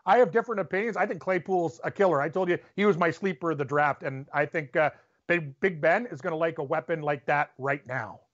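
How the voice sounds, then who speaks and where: A man from Canada holds forth on a sports podcast with a high, lively voice. He rants with strong opinions. The audio is dull and lo-fi. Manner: animated, opinionated, quick to rant. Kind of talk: casual sports debate.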